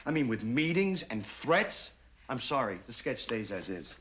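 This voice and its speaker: An actor playing a brusque, domineering theatre director in a 1960s sitcom. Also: male voice, medium pitch, big pitch swings, unhurried, fairly bright tone. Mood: angry. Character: bossy male theatre director, hot-tempered. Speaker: director of a stage show.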